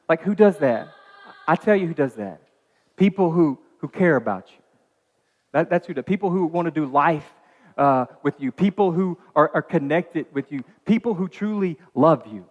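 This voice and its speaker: Animated male pastor preaching in a hall. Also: on the high side. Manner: animated, chatty storytelling with many asides and restarts. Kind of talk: sermon. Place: dark church auditorium.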